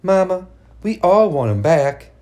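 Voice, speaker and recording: A man's voice: sits high, big pitch swings, measured pace, mellow, pitched above the performer's own voice. A man voicing a frightened young girl who pleads tearfully with her mother in a storybook reading. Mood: pleading.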